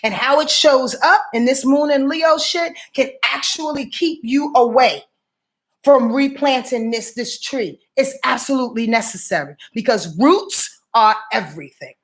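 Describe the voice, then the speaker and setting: Late-40s New woman, high-pitched, emphatic profane astrologer with a repetitive preacher's cadence. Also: unhurried. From New York. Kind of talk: casual weekly astrology rundown.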